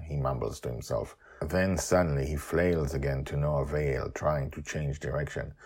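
Male storyteller, husky and deep, lively delivery, reads his own serial and comments on it. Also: moderate pace, hardly any pauses. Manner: animated, jumps to high excited character voices. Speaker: author and narrator. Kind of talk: storytelling narration with character voices and commentary.

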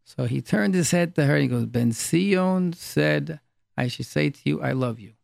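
A man with a heavily gravelly, fry-laden voice gives a relaxed Torah class, weaving in anecdotes and hammering home a refrain by repeating it. His voice sits a little high for a man. The sound is close and completely dry, with no room around it. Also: unhurried, no echo. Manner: storytelling, repeats key phrases for emphasis. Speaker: rabbi.

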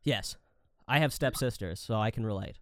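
A man in his thirties co-hosting a casual podcast, telling swearing, animated family stories and acting out the voices. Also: lowish voice, normal speed, dry recording. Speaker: podcast co-host. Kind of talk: casual chat.

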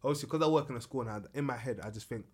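A man's voice: medium pitch, racing, darkish tone, breathy edge. Emphatic young man, slang-heavy. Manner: emphatic, peppers speech with "fam". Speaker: school worker. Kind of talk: casual chat.

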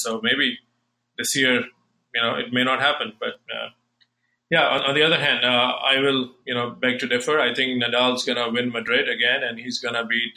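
Bright-voiced man hosting a podcast. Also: medium pitch, low-quality recording. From United States. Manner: rambling, many fillers and restarts. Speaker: podcast host. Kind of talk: casual podcast chat.

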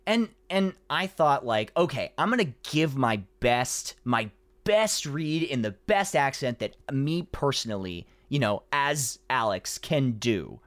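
A voice actor chats casually as an interview guest, unhurried and mid-range in pitch, on a dry recording. He tells an animated story full of fillers like "you know" and acts out the quotes.

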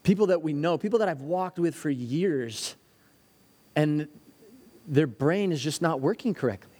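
A man delivers an earnest sermon in a fairly high voice. He tells stories and now and then acts out a worried child's voice. His words ring out with a long reverb, as in a large hall. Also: lively intonation, unhurried, dark tone, breathy edge. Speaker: pastor.

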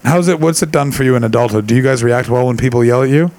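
A man's voice: mid-range voice, fast talker, poor audio. A man doing stand-up comedy and chatting with audience members at a live venue. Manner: gravelly, shouts impressions of angry people. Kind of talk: stand-up crowd work.

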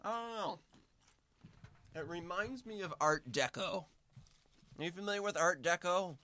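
A man's voice: high-pitched, measured pace, bright, forceful tone. A man guest in a casual snack-tasting chat, rambling in a mock-serious way with hesitant restarts, talking with his mouth full while eating.

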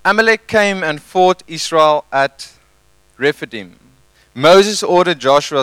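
Male pastor, chatty sermon style, lightly raised pitch, dry. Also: slow pace, smooth, no echo, low-quality recording. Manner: conversational, animated, tag questions.

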